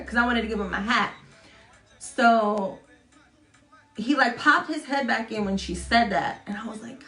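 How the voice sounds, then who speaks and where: A young woman vlogs a story at a moderate pace, pausing often, her tone fairly bright over soft background music. She's casual and chatty, swearing freely, mocking herself, and doing quoted lines in high voices. The room has a noticeable echo.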